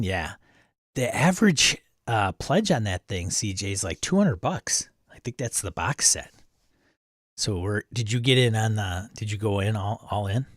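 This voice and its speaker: A man's voice: lowish voice, slightly rough, no room sound, clean studio sound. A man hosting a livestream, casually chatting and greeting viewers by name as he reads their comments. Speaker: livestream host reading chat. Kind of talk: casual chat.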